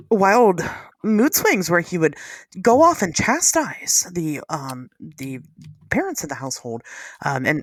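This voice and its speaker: A woman hosting a podcast, chatting casually, sarcastic and quick to laugh. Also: fairly low pitch, no echo, studio quality. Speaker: podcast host. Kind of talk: casual chat.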